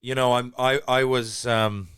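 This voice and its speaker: A man hosts a podcast in a casual, enthusiastic way, reacting with fillers and the odd curse word. His voice is smooth and clear at a middle pitch. The recording is dry and close. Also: steady tone, a little slow, a bit bright, no room sound. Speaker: podcast host. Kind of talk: casual chat.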